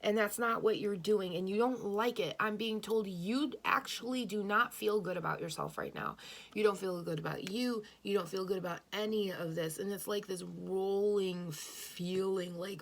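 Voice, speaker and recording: A woman's voice: medium pitch, normal speed. A woman giving an earnest intuitive tarot reading, speaking straight to the listener, repeating phrases and correcting her own words as she thinks aloud. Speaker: tarot reader.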